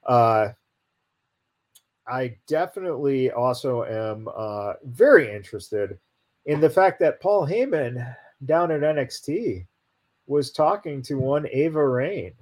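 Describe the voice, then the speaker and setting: A man's voice: medium pitch, expressive, takes it slowly, darkish tone. A man cohosting a casual wrestling podcast, talking hesitantly with many fillers. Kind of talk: casual panel chat.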